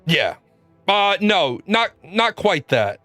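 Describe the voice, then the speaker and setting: A man with a fairly high, bright and forceful voice hosts a casual gaming stream. He talks bluntly, swears freely and rambles through his stories. Faint music plays behind him. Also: big pitch swings, takes it slowly, no room sound. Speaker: gaming show host. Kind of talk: casual livestream storytelling.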